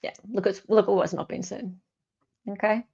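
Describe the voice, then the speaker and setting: A woman's voice: mid-range voice, fairly even intonation, moderate pace, gravelly, darkish tone, breathy edge, muffled recording. A woman with an Australian accent hosts a casual livestream, reading viewer comments with wry, self-correcting asides. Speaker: online commentator.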